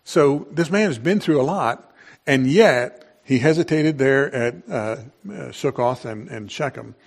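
A male pastor preaching a sermon in an unhurried, conversational way, with frequent fillers and restarts. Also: mid-range voice.

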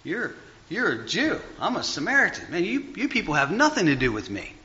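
A man's voice: high-pitched, huge pitch swings, sharp tone, voice pushed up, exaggerated voice. A man voicing an indignant Samaritan woman at a well, firing off incredulous protests in a raised voice. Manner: incredulous, rapid-fire protests. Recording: dull lo-fi recording.

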